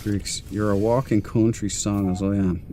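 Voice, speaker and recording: Over a noisy background, this man from Ireland streams a space game in a lowish, steady voice at normal speed. He rambles along chattily, addressing viewers and the crew in the game as he plays.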